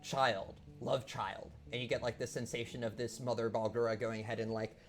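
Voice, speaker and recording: A man's voice: medium pitch, level tone, quick pace, soft background music. Rambling male game master. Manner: rambling, lots of fillers. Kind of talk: narrating a tabletop game.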